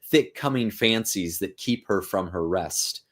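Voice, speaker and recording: A man reading the lines of a cautious, worried court doctor in a measured, plain way. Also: deep voice, fairly bright tone. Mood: calm.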